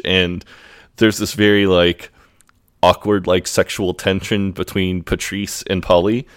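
A man's voice: deep voice, unhurried, clear, resonant tone. An American man co-hosting a podcast, casually retelling a TV episode with fillers and easy laughter. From United States. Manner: relaxed storytelling with fillers, laughs easily. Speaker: podcast co-host. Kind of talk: casual chat recapping a show.

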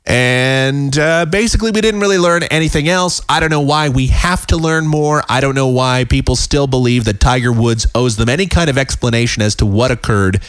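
Hoarse-voiced man podcasting. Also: mid-range voice, moderate pace, few pauses, dry recording, clean studio sound. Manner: rambling, many uh fillers. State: slightly raspy, tired voice. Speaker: podcast host. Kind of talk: casual solo podcast commentary. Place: home.

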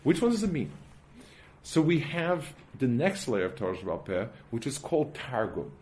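A Torah teacher explains a religious text to his class step by step, relying on everyday examples and frequently restarting in a halting way. His medium-pitched voice is a little mellow and swings widely in pitch.

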